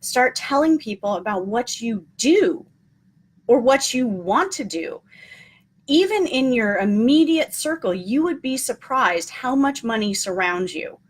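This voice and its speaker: A woman's voice: on the high side, expressive, a little slow. A woman hosting a casual live stream, talking in an earnest, encouraging way with frequent ums and repeated key points. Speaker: motivational host.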